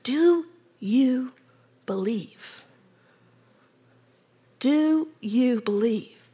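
A woman preacher voicing a gentle male teacher from scripture, speaking softly but with rising emphasis. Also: high-pitched, expressive, drawn-out words, breathy edge, full character voice. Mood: gentle, urging. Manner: gentle yet emphatic, pleading.

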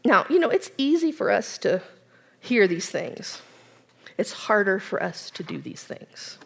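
A woman giving an earnest personal testimony as a church speaker, swinging from strong declarations to soft, near-whispered reflection. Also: medium pitch, sing-song, a little slow, gravelly, breathy edge. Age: adult with children. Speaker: women's ministry speaker.

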